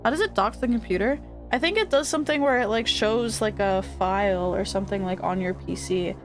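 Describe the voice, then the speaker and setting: A woman's voice: medium pitch, a little fast. Chatty woman streamer over game music. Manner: loose and chatty, heavy on fillers and swearing; reads game text aloud. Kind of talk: casual gaming stream chat.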